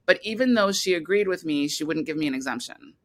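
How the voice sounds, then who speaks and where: A woman's voice: low voice, animated, fast talker. A woman filmmaker talking casually as an interview guest, rambling with many restarts and fillers.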